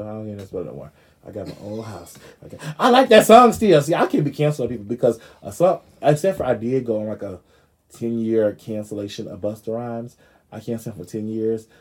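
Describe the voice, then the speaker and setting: A man's voice: medium pitch, dark tone, slightly rough. A man hosting a show, giving brash, profane, gossipy commentary in a sassy comic style. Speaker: show host.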